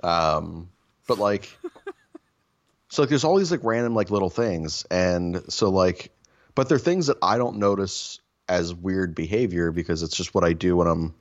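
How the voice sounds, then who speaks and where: A man with a very deep voice tells rambling, self-mocking stories full of swearing. The talk is loose and casual. The recording sounds slightly dull and muffled. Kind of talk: casual storytelling chat.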